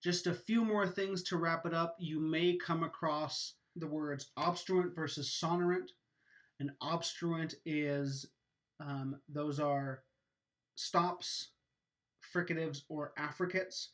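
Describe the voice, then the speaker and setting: A man's voice: a little high, fairly even intonation, takes it slowly, fairly bright tone. A man teaching a lesson, explaining patiently and methodically with occasional fillers. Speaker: educator. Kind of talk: explanatory lecture.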